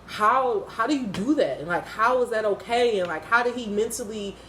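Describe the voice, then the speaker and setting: A woman's voice: a little high, normal speed, a bit bright, echoey room, slight background noise. A woman giving unscripted, casual commentary on a TV episode, blunt, profane and impassioned. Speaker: TV episode reviewer.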